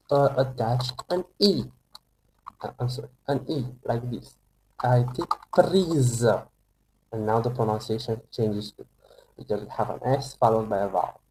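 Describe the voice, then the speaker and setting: Slow, halting male French tutor. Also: mid-range voice, warm tone, slight background noise, rough recording. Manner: slow, hesitant, many fillers and restarts. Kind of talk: online language lesson.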